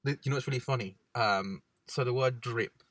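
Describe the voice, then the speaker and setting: A man's voice: medium pitch, brisk, fairly bright tone, no room sound. Laid-back guy chatting. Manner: chatty, laid-back, drops into slang impressions. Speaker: podcast co-host. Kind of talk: casual chat. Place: parked car.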